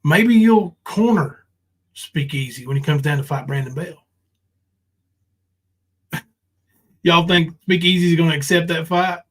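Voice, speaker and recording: A man's voice: a little high, unhurried, long pauses, fairly bright tone, poor audio. A man ranting on a livestream, confrontational and profane, full of ums and restarts. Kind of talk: casual livestream rant.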